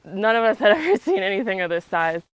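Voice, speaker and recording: A woman's voice: mid-range voice, big pitch swings, quick pace, smooth, dry recording. A young woman telling a story in a chatty way, with plenty of "like" and "um". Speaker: interviewee, resident. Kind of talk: casual recounting.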